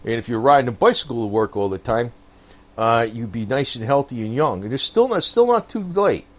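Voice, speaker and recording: A man's voice: medium pitch, animated, a little fast, lo-fi sound. A man talking politics in a casual, rambling monologue, swearing and laughing often and calling the listener "man.". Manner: rambling, profane, laughs often, frequent "man" and "I don't know". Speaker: political commentator.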